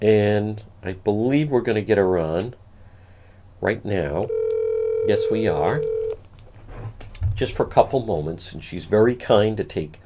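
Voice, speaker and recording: A man hosting an interview talk show, earnest and careful, gently encouraging his guest. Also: on the low side, unhurried, long pauses, a little hiss or hum. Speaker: show host.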